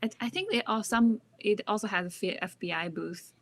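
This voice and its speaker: A woman's voice: medium pitch, brisk, a little hiss or hum. A woman student in a casual podcast chat, rambling and searching for words. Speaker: student guest.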